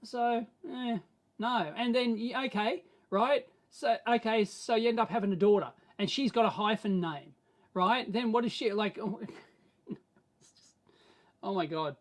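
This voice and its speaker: An Australian man hosting a live stream, answering viewer questions in a rambling, animated way that swings between mumbled asides and excited bursts. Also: high voice, unhurried. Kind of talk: casual live-stream chat.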